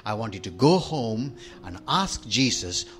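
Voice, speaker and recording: A man voicing a patient small-town pastor who talks gently and coaxingly. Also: on the low side, very animated, measured pace.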